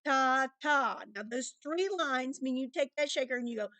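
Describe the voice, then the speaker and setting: A woman's voice: sits high, brisk, no echo. A woman teaching a recorded music lesson to children, patiently explaining rhythms and counting them aloud.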